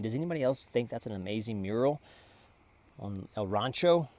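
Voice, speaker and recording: A man's voice: mid-range voice, darkish tone. A man narrating a casual vlog as he shows off his photographs, boastful, rambling and full of exclamations. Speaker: photographer showing his prints.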